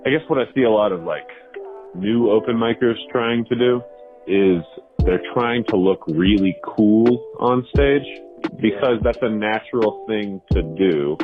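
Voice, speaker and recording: A man's voice: fairly low pitch, measured pace. A man who does stand-up, talking reflectively in a casual phone chat and often saying "you know.". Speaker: stand-up comedian. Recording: tinny phone line with music behind.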